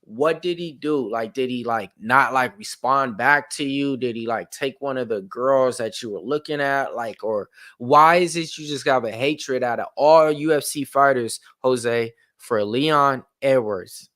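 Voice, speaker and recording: A man's voice: medium pitch, measured pace, few pauses, a bit bright, no room sound. A man hosts a live fight-night stream, talking loose and rambling, with plenty of slang and filler words. His voice sits in a middle range. The sound is dry and close. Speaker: stream host. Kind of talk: casual live watch-along chat.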